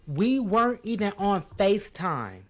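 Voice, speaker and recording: A woman co-hosting a casual podcast chat, telling stories in a blunt, animated way. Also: medium pitch, a little slow. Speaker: podcast co-host.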